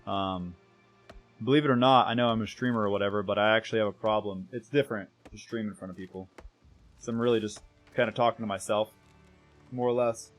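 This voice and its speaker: A young man with an American accent talks casually to his stream chat while playing. His voice sits a little low, and his sentences ramble, restart and trail off quietly. Faint music plays underneath. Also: fairly even intonation, fast. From United States. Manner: rambling, self-correcting, trails off softly.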